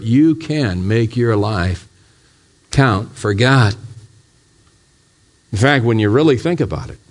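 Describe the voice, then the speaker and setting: A man, a pastor, preaching a sermon in a church, putting question after question to his congregation and building to fervent, raised appeals. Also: on the low side. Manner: asks the congregation repeated rhetorical questions.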